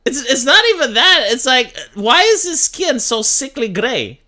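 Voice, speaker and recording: A man's voice: very high voice, very animated, measured pace, sharp tone. A man hosting a casual livestream, reading news aloud and riffing bluntly with plenty of swearing. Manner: blunt, profane, reads news aloud and riffs. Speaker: livestream host.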